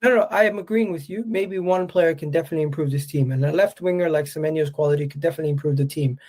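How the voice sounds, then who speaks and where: A man as guest on a live chat, arguing his point at length in a measured way and pushing back. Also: fairly high pitch, a little mellow.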